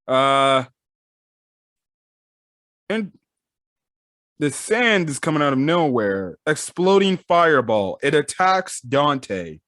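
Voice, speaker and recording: Brief: man, manga reaction host, slow and lively, prone to loud outbursts. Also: fairly high pitch, no room sound, studio quality. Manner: excitable, bursts into loud exclamations. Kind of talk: casual reading and reaction.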